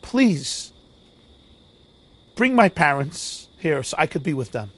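A man's voice: a little high, sing-song, slow pace, fairly bright tone, full character voice. A man voicing a twelve-year-old boy who pleads to be reunited with his parents. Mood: pleading.

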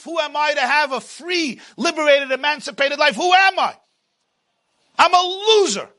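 Guy putting on a cruel mocking tyrant's voice in your head, high and sharp, yelling. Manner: shouting, mocking, self-accusing. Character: taunting inner voice of a tyrant king, male, cruel.

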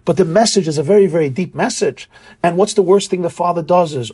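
Husky high-voiced male Torah teacher. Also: fast, darkish tone. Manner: earnest, searching for words, acts out quoted voices. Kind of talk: Torah class lecture.

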